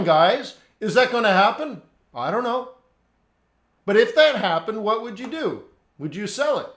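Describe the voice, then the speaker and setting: A man's voice: high-pitched, sing-song, moderate pace, pauses often, fairly bright tone, reverberant. A man teaching a live trading lesson, reading out chat questions and answering them bluntly, with lots of repetition. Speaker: forex trading instructor.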